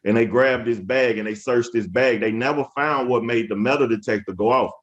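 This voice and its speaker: This education speaker in his thirties has a medium-pitched voice and talks fairly quickly on lo-fi audio. Addressing teachers in a webinar, he tells stories in a forceful, preacher-like style, repeating phrases and appealing to the audience.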